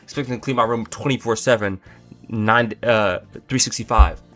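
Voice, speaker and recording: A man's voice: on the low side, fairly even intonation, moderate pace, fairly bright tone, faint music behind. A young man doing a comedic rant to camera, exasperated and incredulous, with exaggerated outbursts. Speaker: comedy vlogger.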